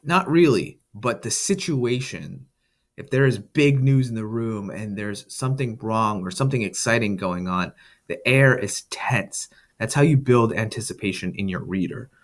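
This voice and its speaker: Low-voiced man explaining a story. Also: moderate pace. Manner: casual, explanatory, with fillers. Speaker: writing tutor. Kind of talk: reading a story aloud and explaining it to students.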